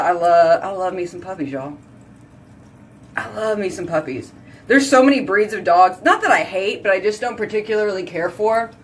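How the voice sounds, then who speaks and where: A woman from Houston with a Texan accent, chatting casually at home by her sink as a vlog host, bubbly and rambling. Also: mid-range voice. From Houston, Texas. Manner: bubbly, rambling, says y'all a lot.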